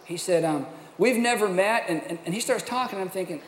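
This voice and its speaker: A middle-aged man, a pastor, telling a personal story in a sermon with animated, self-mocking delivery. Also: high-pitched, brisk. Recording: echoey hall, faint room noise.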